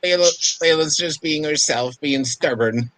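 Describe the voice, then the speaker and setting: A man in a casual live chat, telling relaxed stories. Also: a little high, a little slow, slight background noise, rough recording. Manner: relaxed storytelling about his cat.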